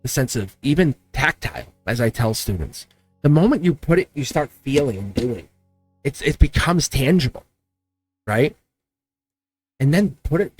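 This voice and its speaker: Guy doing a live tarot reading, kinda high voice, bouncy, repeats stuff, laughs a lot. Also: slightly rough. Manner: animated, repetitive, chuckling. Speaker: tarot reader.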